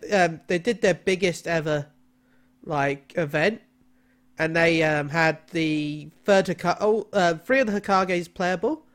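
A man's voice: a little high, unhurried, a bit bright. A man co-hosting a casual gaming podcast, talking with frequent ums and restarts. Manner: hesitant, many ums and restarts. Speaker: podcast co-host. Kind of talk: casual chat.

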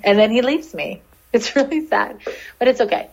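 An animal communicator appearing as a podcast guest rambles through a story in casual chat, laughing a lot and swearing freely. Her voice is fairly high, animated and a little mellow, with vocal fry, at a moderate pace. The audio is dull and lo-fi.

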